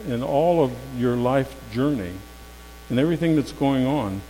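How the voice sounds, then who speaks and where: A male preacher delivers a sermon in a loose, conversational storytelling manner, his voice set at an ordinary middle pitch. He moves from loud, emphatic passages to near-hushed ones. The sound carries a long hall reverb over a faint mains hum. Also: animated, normal speed.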